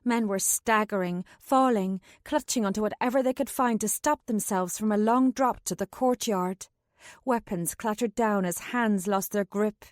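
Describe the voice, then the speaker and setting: A woman's voice: mid-range voice, moderate pace, no echo. A woman narrating a first-person fantasy audiobook in a tense, urgent way, close to a studio mic.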